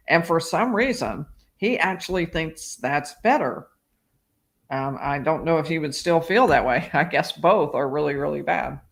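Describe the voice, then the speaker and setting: Lawyer host on a live stream, somewhat higher-pitched man narrating transcripts with commentary. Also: fairly bright tone. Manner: reads out transcript quotes with asides.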